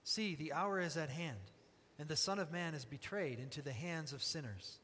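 A man reading scripture aloud in a measured, solemn group reading. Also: fairly high pitch, animated, a bit bright, slightly rough. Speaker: scripture reader. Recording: hall reverb, faint noise.

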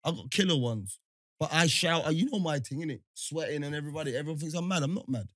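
Animated high-voiced man. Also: fast, no room sound, clean studio sound. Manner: insistent, talks over others, slang-heavy. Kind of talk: heated casual banter.

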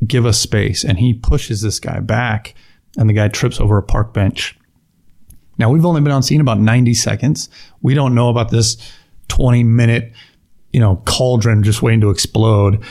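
A middle-aged police officer with a mid-range, darkish voice recounts an incident in a storytelling interview. He restarts often and quotes lines as he goes.

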